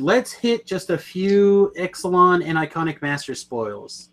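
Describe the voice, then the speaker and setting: This man's voice sits high and sing-song, a bit bright, at a measured pace. Co-hosting a podcast, he talks about card games in a casual, enthusiastic way, frequently rambling and fixing his words mid-sentence.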